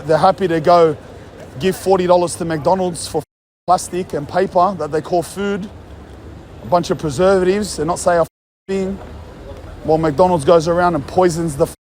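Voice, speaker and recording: A man's voice: sits high, darkish tone, slight background noise. A young Australian man ranting casually in a blunt, heated, mocking way, swearing often. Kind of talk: casual rant.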